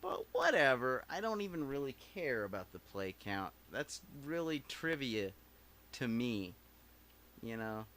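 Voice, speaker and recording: Slow, rambling man live-streaming. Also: mid-range voice, wildly swooping pitch, a bit bright. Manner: rambling, profane, self-mocking. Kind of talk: casual live-stream chat. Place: home recording setup.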